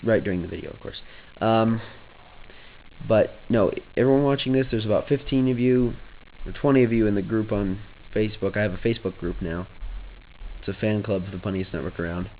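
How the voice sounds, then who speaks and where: A man's voice: lowish voice, a little fast, narrow, tinny audio, a little hiss or hum. A young man vlogging casually, joking offhand, trailing off and restarting his thoughts. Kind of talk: rambling casual vlog.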